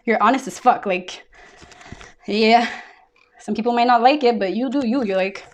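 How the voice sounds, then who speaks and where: A woman's voice: on the high side, moderate pace. A woman giving a casual tarot reading, talking bluntly with lots of fillers and swearing. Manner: blunt, profane, full of fillers. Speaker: tarot reader.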